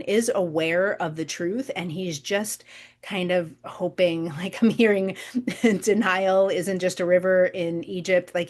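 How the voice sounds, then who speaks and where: A woman talks through an intuitive spiritual reading as the show's host, addressing her viewers directly. She searches for words as she goes, with frequent fillers, repeats and restarts. Her voice sits in an ordinary middle pitch. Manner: giggles softly now and then.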